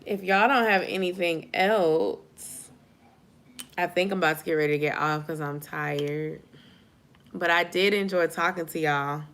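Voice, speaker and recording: Bright-voiced sleepy woman vlogger. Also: on the low side, a little slow. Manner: chatty, informal, addresses viewers as y'all. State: sleepy, yawning. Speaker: YouTube vlogger on a live stream. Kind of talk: casual live-stream chat.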